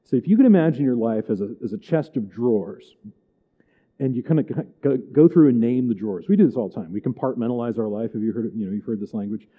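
A man's voice: medium pitch, quick pace. Emphatic man teaching catechism. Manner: conversational and digressive, checks in with "right?" and "okay?"; animated and emphatic, with chuckles. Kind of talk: church catechism class lecture. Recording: tinny, phone-like recording.

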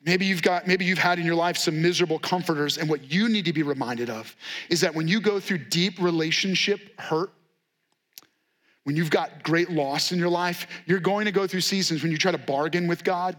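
A pastor preaching a sermon, telling a story in an animated way and acting out its quotes with sarcasm. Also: male voice, a little high, moderate pace.

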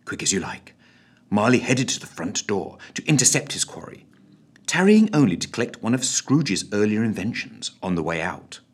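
A man narrating a scripted audio story with a theatrical, wry, very animated delivery and a husky voice. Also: on the low side, normal speed.

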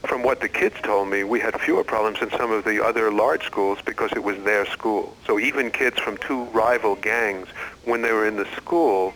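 A middle-aged man, an experienced educator, answering interview questions in an earnest, measured way with frequent restarts. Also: lowish voice, fairly bright tone, rough recording. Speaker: educator and former school head.

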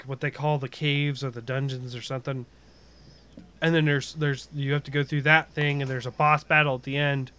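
Rambling man with a smooth voice. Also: fairly high pitch, pushed and bright. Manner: rambling, many fillers and restarts. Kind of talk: casual chat about a video game.

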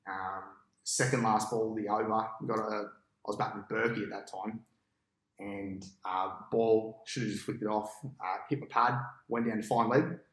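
A cricket captain telling a long match story on a podcast, in a casual, animated way and with an Australian accent. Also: male voice, fairly low pitch, moderate pace, roomy sound, low-quality recording. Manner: animated storyteller, acts out his own past thoughts.

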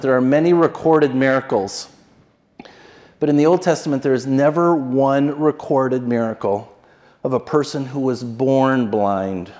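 A man preaching a conversational, animated sermon and acting out the quoted voices. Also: mid-range voice, rough recording. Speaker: pastor.

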